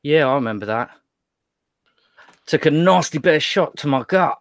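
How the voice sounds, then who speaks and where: A man's voice: a little high, lively intonation, normal speed, no room sound. A man playing a tabletop game in character, talking in a laid-back, wry way with some hesitation. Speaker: player. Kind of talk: in-character tabletop role-play.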